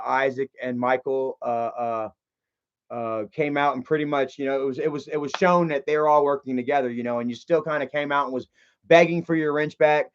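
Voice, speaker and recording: A man's voice: fairly high pitch, lo-fi sound. A man livestreaming in casual chat, agitated and rambling, with many fillers and restarts. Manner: agitated and confrontational.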